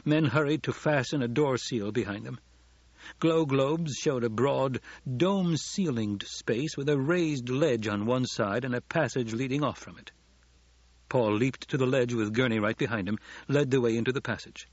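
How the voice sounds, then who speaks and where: A man narrating a novel as an audiobook, in steady storytelling. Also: mid-range voice, normal speed, no room sound. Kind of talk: scripted narration. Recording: dull lo-fi audiobook recording.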